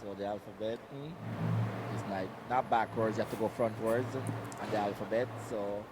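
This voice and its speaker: A man on a busy city street answers in a rambling, hesitant voice full of fillers. Clear traffic noise runs behind him. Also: lowish voice, fairly even intonation, moderate pace. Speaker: passer-by interviewee.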